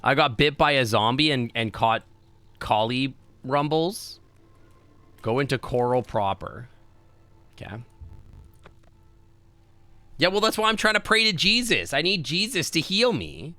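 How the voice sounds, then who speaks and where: A male game streamer with a bright, forward voice that swings widely in pitch as he talks. He chats casually to his viewers between moves and drops the odd swear word. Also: unhurried, long pauses, dry recording, faint music behind. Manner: animated, chatty, swears casually. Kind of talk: casual gameplay chat.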